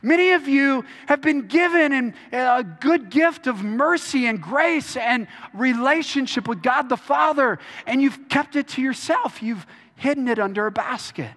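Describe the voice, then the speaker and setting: Pastor from Texas, very high and bright voice, earnest, stumbling restarts, reverberant church hall. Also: male voice, animated, unhurried. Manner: earnest, repeats words and restarts often. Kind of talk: sermon.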